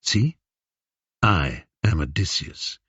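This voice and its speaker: A man voicing a cunning hero king disguised as an old beggar, speaking low, steady and commanding. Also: slow pace, breathy edge, no room sound, muffled recording, heavily acted.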